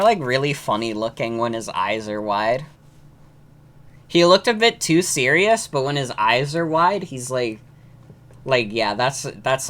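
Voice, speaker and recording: A woman's voice: extremely low pitch, a bit bright, slight background noise. A woman streamer making casual, joking asides while playing a game. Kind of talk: casual gameplay commentary.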